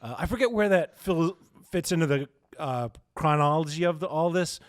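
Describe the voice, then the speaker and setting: A man co-hosting a podcast in casual chat, jokey and laughing often, slipping into quick mock voices. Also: fairly high pitch, animated, no echo, studio quality. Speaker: podcast co-host.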